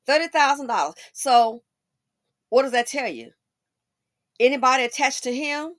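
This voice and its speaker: A woman delivers opinionated celebrity commentary with sass and mocking asides. Her pitch rises and falls in a lively way, sitting a bit high, and the recording is close and dry. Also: moderate pace, no room sound. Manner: sassy, emphatic, mocking asides. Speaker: commentary channel host.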